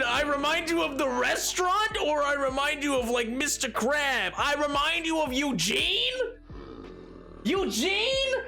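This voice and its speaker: A male game streamer with a gravelly voice who rambles and jokes with his viewers. His pitch swings widely as he talks, and faint music plays behind him. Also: bright, forceful tone. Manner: rambling, jokey, chatting to viewers. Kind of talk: casual livestream chat.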